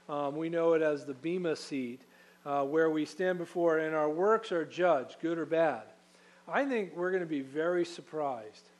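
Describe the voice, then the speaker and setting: Pastor, male, slightly higher voice, earnest sermon delivery with emphatic peaks. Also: darkish tone. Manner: earnest preaching, reads scripture aloud, swells for emphasis.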